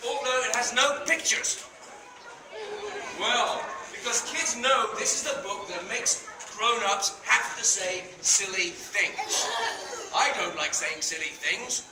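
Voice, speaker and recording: High-voiced man, theatrical kids' read-aloud. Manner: theatrical mock-reluctant reading, playing to a crowd of kids. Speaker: children's entertainer reading aloud. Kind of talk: playful read-aloud to children. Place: public library room with children. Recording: echoey room recorded from a distance, with children's noise.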